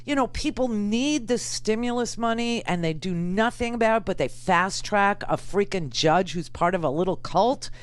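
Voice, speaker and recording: Indignant woman radio host, lively pitch. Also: moderate pace, hardly any pauses, clean tone. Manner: indignant, emphatic, repeats phrases for effect. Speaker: radio talk show host. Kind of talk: political talk radio commentary.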